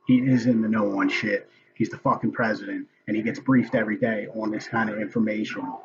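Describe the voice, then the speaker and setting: A man's voice: fairly low pitch, steady tone, brisk, lo-fi sound, background noise. A man ranting casually and angrily about a hearing he is watching, swearing often. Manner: profane, angry ranting. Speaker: political commentator. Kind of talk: casual recorded commentary.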